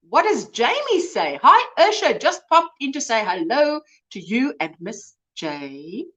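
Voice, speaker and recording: On her livestream, the host reads through comments and says hello to viewers by name, her high, somewhat bright voice full of exclamations. Audio is dull.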